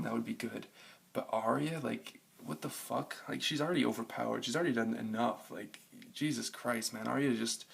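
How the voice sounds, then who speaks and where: A young man who vlogs TV reviews gives a frustrated, profane rant about an episode, stuffed with fillers. His mid-range voice is husky, with vocal fry.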